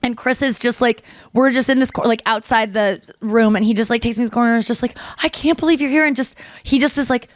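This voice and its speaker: A woman in her thirties tells a story as podcast host, chatty and animated, with many fillers and acted-out quotes. Her voice sits a little high and comes through close and dry, with no room sound. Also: fast talker, hardly any pauses, no room sound. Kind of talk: casual storytelling.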